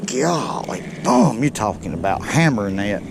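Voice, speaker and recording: Guy narrating his fishing trip, slow gravelly drawl, folksy, noisy outdoor boat sound. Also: lowish voice, sing-song. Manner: folksy and chatty, talks to fish. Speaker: fishing video host. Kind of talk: casual outdoor fishing commentary.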